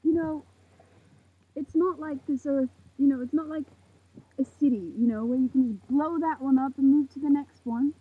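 An eighteen-year-old woman ranting to camera outdoors at night, heated and swearing, with a very husky voice. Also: high-pitched, normal speed. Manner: heated, swearing, preachy outbursts. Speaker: vlogger. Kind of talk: impassioned rant to camera. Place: outdoors in a parking lot at night under a makeshift roof. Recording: tinny phone-like lo-fi sound.

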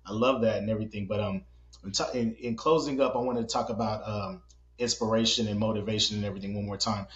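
A man hosting a podcast, playful and joking, telling stories quickly. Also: on the low side, steady tone, a bit bright. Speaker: podcast host. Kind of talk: casual interview chat. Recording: roomy, muffled sound.

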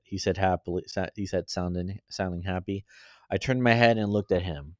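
Male amateur story reader, low, stumbling, dry recording. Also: fairly even intonation, no room sound. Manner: halting, with frequent stumbles and self-corrections. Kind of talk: reading a fan story aloud.

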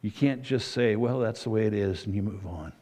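A man's voice: on the low side, a little fast, a little mellow. A middle-aged man, a pastor, giving a conversational sermon full of asides and self-corrections.

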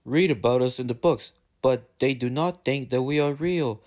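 A man's voice: normal speed, darkish tone, lightly acted. A man voicing a stern, pompous railway boss in a storybook reading. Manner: stern, booming.

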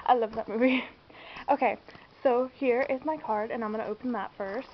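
Bubbly high-voiced young woman vlogger. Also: steady tone, moderate pace. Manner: bubbly and gushing, squeals and giggles often. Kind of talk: casual unboxing chat. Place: home room indoors. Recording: dull lo-fi home camera audio, faint hiss.

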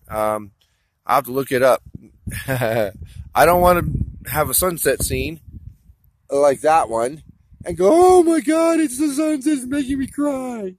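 A man recording a rambling walk-and-talk vlog outdoors, speaking straight to an absent listener, halting with many fillers and restarts. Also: mid-range voice, a little hiss or hum. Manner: talks directly to an absent listener. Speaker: vlogger. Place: outdoors in open desert country. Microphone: phone or camera held while walking.

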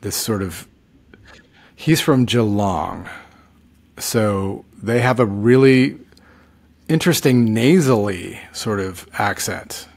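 Here a touring musician who co-hosts a podcast chats casually, drowsy and fading late at night as he rambles and trails off. He's a middle-aged man whose low-leaning, darkish voice moves slowly and pauses often.

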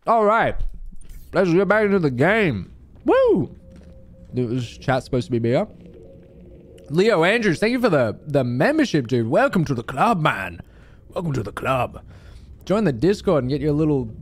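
A man chatting to his viewers during a live game stream, animated and swearing freely. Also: a little high, normal speed, pauses often. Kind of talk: live gameplay stream chat.

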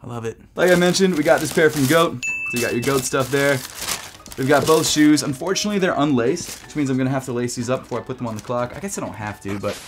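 A young man chatting excitedly and rambling as a vlogger, a little out of breath. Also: mid-range voice, fast, background noise. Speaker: sneaker vlogger. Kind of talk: casual vlog chat.

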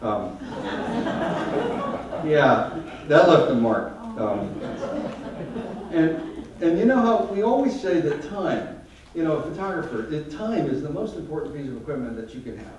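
A man with a fairly high, very animated voice speaking at normal speed gives a humorous stage talk as a photographer, wry and self-deprecating, to a live audience in a large hall. The audio is echoey and distant-miked, with the highs cut off and background noise present.

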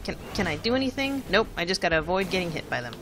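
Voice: medium pitch, very animated, quick pace, over music. A let's play host giving casual gameplay commentary, thinking aloud in a chatty way and chanting repeated words while timing moves.

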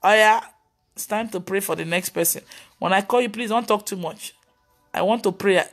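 Animated woman pastor preaching. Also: mid-range voice, moderate pace, faint music behind. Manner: animated storytelling, mimicking others' voices; scolding, emphatic exclamations. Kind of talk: live-video preaching and prayer.

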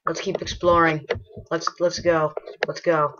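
Excitable gushing woman gamer, bright voice. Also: sits low, a little slow. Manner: excitable, gushing and rambling, bursts into loud exclamations. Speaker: gaming channel host. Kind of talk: casual gameplay commentary. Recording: dull lo-fi home recording.

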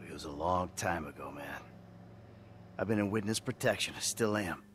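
A middle-aged former criminal from a video game, gruff and sardonic. He speaks in a lower register with dry, cursing sarcasm. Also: moderate pace, fairly bright tone, slight background noise. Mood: weary. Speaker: retired criminal and husband. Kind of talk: video game cutscene acting.

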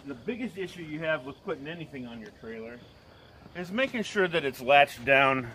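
A man's voice: on the high side, expressive, moderate pace, pushed and bright, a little hiss or hum. Rambling man giving a garage tour. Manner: rambling, self-deprecating, with frequent fillers. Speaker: lawn care business owner giving a garage tour. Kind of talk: casual garage tour chat.

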